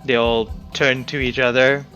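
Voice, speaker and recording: A man's voice: medium pitch, level tone, normal speed, pushed and bright, highs cut off, soft background music. A man narrating a tabletop game as game master in a laid-back way.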